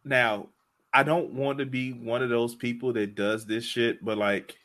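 A man's voice: medium pitch, flat delivery, measured pace, a bit bright. A young man hosting a casual podcast chat who talks with laughter and disbelief. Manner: laughing, incredulous.

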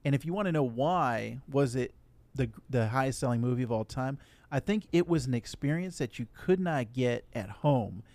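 Animated man chatting about movies. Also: mid-range voice, no echo. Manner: animated, acts out characters' lines in quick asides. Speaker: podcast co-host. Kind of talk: casual movie review chat.

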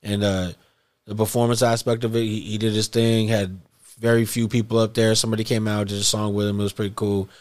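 A man's voice: on the low side, little pitch movement, a little fast. A man hosting a casual hip hop podcast chat, talking in a loose, laid-back way and swearing freely.

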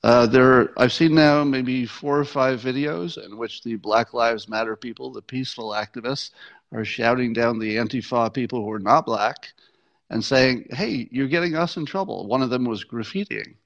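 Male host, solo commentary, wry and conversational with lots of restarts, middle pitch, slightly muffled audio. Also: fairly even intonation, normal speed.

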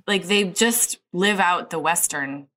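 Lower-voiced woman in rambling chat. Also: slow pace, bright, forceful tone. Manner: rambling, heavy use of "like". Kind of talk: casual chat.

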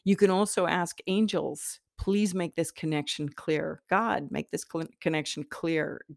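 With a deep, steady, unhurried voice marked by vocal fry, this middle-aged woman teaches spiritual ideas in a relaxed, conversational way. Laughter comes often, and she frequently restarts sentences. The studio recording is clean, without room sound.

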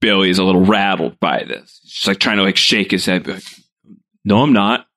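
Male player, lowish voice, deadpan jokes. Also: fast. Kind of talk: tabletop game play.

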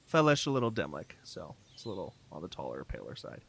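A man narrating as game master, relaxed and descriptive, with many fillers. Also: deep voice, fast talker, gravelly, breathy edge.

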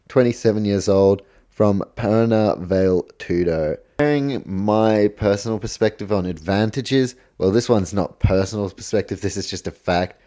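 A man's voice: on the low side, mellow. A man hosting a casual solo podcast, rambling off on tangents, correcting himself and swearing now and then. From New Zealand. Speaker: podcast host.

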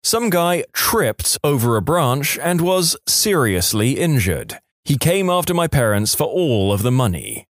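A man's voice: medium pitch, no echo, clean studio sound. A man narrating online stories as the host of a story channel, with wry asides. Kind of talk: reading reddit stories aloud.

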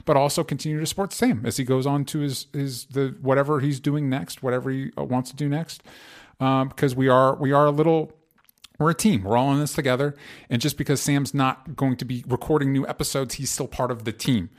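A young man hosts a podcast in casual chat, earnest and a bit halting, full of fillers and restarts. His voice sits at an ordinary middle pitch. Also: steady tone. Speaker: podcast host.

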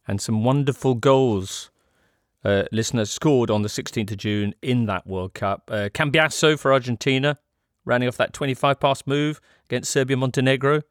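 A man's voice: medium pitch, normal speed, dry recording, studio quality. A man hosting a casual football podcast and quizzing his co-hosts. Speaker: podcast host.

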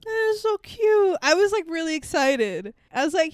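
A woman co-hosting a podcast in casual chat, animated, laughing often and swearing freely. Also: high-pitched, moderate pace, no room sound. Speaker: podcast co-host.

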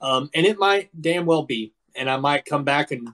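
A man in his thirties talks through a wrestling match with animated, profane energy. His voice sits a little higher than most men's. His delivery is a casual podcast chat. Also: moderate pace. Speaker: podcast co-host.

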